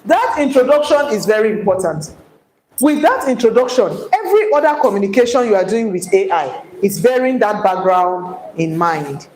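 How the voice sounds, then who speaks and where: A woman's voice: medium pitch, normal speed, a little hiss or hum. Nigerian woman lecturing in an echoey hall. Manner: animated, coaxing the audience with repeated points. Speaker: workshop trainer. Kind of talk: live lecture to an audience.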